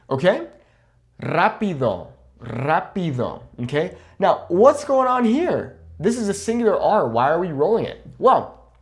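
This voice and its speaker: In an online Spanish pronunciation lesson, a young man with a voice on the high side teaches patiently and encouragingly. He models words slowly and follows each point with "okay?".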